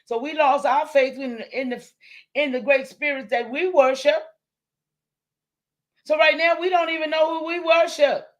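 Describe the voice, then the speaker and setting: A woman's voice: high-pitched, fairly even intonation, moderate pace, long pauses, lo-fi sound. A woman hosting a livestream, talking straight to her viewers, emphatic and repeating herself, swearing when heated and then apologising. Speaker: livestream host.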